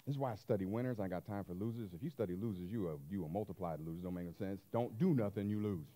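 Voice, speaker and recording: A man preaching a sermon as pastor, animated and colloquial, acting out little scenes as he goes. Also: on the low side, rapid-fire.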